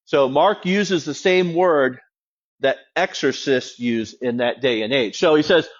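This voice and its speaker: A man's voice: medium pitch, measured pace. A man preaching a sermon as a pastor, in a conversational, wry teaching tone. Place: church. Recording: dull lo-fi sound.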